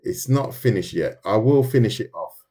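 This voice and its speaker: A man from London with a deep, low-pitched voice and a London accent. He chats casually while sketching on a live stream, talking his process through out loud, and reacts to viewer comments with loose, restarting sentences. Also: expressive, normal speed, husky. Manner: chatty, loose and thinking aloud, reads viewer comments, many restarts.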